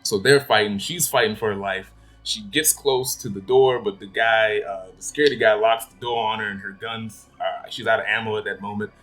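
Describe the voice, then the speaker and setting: Brief: male movie reviewer, low-ish voice, rambling and blunt, swears a lot, faint music underneath. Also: steady tone, fairly quick, fairly bright tone. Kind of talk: casual spoken film review.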